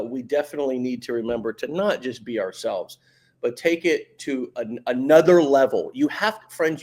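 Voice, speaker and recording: A man's voice: medium pitch, darkish tone. A man hosting a podcast in casual motivational talk, emphatic and slangy, stumbling and repeating words as he gets going. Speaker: podcast host.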